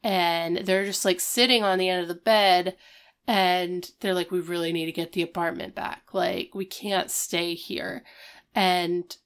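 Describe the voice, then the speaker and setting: A woman's voice: fairly low pitch, fairly even intonation, fairly bright tone, clean tone. A woman co-hosting a casual chat, recapping scenes in a chatty, playful way. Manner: chatty, quick recaps with playful quoted lines. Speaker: podcast co-host recapping a TV episode.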